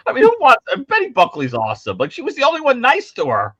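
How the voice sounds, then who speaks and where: His voice is husky and quick, recorded with no room sound and the highs cut off. Co-hosting a call-in show, he chats casually about horror films and tells animated stories full of quotes delivered in high mimicking voices.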